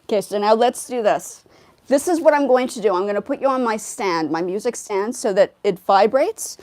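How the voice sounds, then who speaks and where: A woman musician hosting a casual livestream, talking in an animated way, laughing often and repeating herself. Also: mid-range voice, normal speed.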